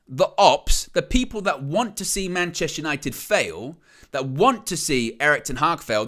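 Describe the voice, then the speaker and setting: A man hosting a live fan stream, ranting with animated disbelief and firing off rhetorical questions. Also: a little high. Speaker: host of a fan channel. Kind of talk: live-stream opinion commentary.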